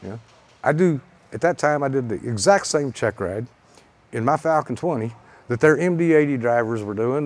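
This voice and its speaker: A man tells a pilot's story from the stage with a salty, animated delivery. His voice sits in an ordinary middle pitch and climbs as he grows heated. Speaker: pilot and author giving a talk. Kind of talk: storytelling presentation. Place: event stage.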